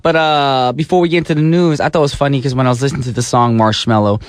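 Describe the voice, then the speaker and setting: A man's voice: mid-range voice, steady tone, very fast, clear, resonant tone, dry recording. A man hosting a pop radio show from a studio, talking with playful, slangy energy. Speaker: radio DJ and host. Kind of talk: radio DJ chat. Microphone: studio microphone.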